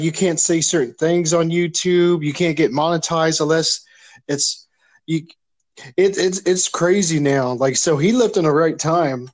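A man in casual chat, rambling quickly with lots of fillers. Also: fairly high pitch, a little mellow.

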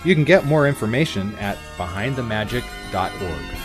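A man reads his podcast script in an upbeat, announcer-like way. His pitch moves a lot as he speaks. Soft music plays under him. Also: animated, moderate pace. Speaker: podcast host.

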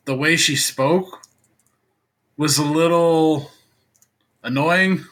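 A man's voice: fairly high pitch, extremely slow, fairly bright tone. A man co-hosting a podcast, telling a long, rambling story in casual chat with many filler words. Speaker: podcast co-host.

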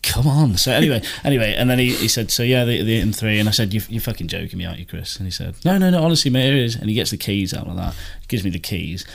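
A British man with a lowish voice talks at a rapid clip on a casual podcast. He teases his co-host and swears freely. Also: steady tone, vocal fry, a bit bright. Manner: rapid, swearing, mocking banter. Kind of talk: casual chat.

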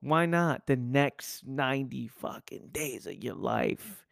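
Gravelly man giving a motivational talk. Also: mid-range voice, animated, slow pace, pauses often, no room sound, clean studio sound. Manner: intense, preachy, rhetorical questions. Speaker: podcast host. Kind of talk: motivational monologue.

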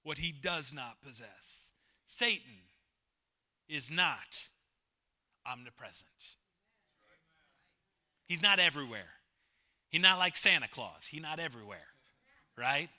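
This pastor's sermon comes slowly, with long pauses, in a fairly high and animated voice. He emphatically repeats key phrases, alternates loud and quiet moments, and banters with the congregation, asking them questions.

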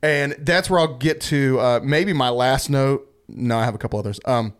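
A man's voice: medium pitch, normal speed. A man co-hosting a podcast, chatting casually about a movie and quoting lines from it. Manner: rambling, quotes lines in put-on voices. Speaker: podcast co-host.

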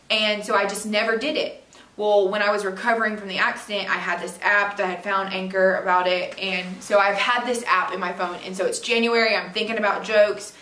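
Her voice is medium in pitch, steady, brisk and sharp: a podcast host in her twenties chatting candidly through a personal story, full of "like" and "literally." The recording comes from a camera mic far from her in an echoey room at home, with faint hiss underneath.

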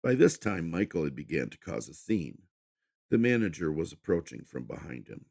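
A man narrating a horror story for a podcast with an expressive reading. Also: extremely low pitch, normal speed, gravelly.

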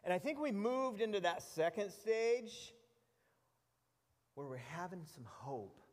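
A middle-aged man preaching a sermon with animated storytelling, often repeating words as he goes. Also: sits high, unhurried, big-room sound. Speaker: pastor.

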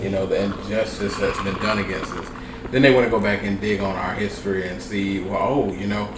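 A man co-hosting a casual podcast, talking bluntly and profanely in drawn-out phrases. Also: on the low side. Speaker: podcast co-host. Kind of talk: casual chat. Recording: roomy, distant mic with background noise.

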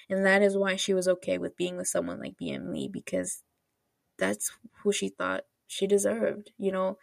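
Gravelly-voiced woman chatting casually. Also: medium pitch, a little mellow, no room sound, clean studio sound. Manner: rambling, filler-heavy, laughs often. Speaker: podcast host. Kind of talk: casual chatty drama recap.

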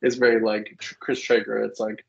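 A man with a gravelly, husky voice talks loosely, with lots of "like" and "um" and frequent laughs. The audio is dull and lo-fi, like a home podcast setup. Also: on the low side, little pitch movement, brisk. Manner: laughs often, many fillers, acts out quotes. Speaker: podcast co-host. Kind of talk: casual chat about comics.

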